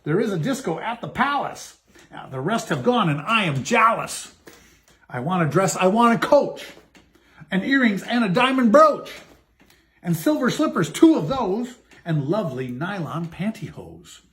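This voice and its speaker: A man's voice: high-pitched, very animated, moderate pace, fairly bright tone. Cindy, a man doing a whiny young woman. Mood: demanding. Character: bratty young woman Cinderella, demanding and fed up.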